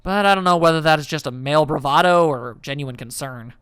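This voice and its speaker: A man's voice: on the high side, a little fast, fairly bright tone, clean tone, no echo, studio quality. A man hosting a let's play, reading a visual novel's first-person narration aloud in a reflective way.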